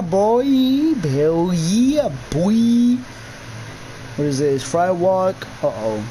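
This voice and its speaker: A man's voice: on the high side, darkish tone, slight background noise, low-quality recording. A young man commentating his own gameplay of a horror map, jumpy, swearing a lot and yelping at scares. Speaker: gamer.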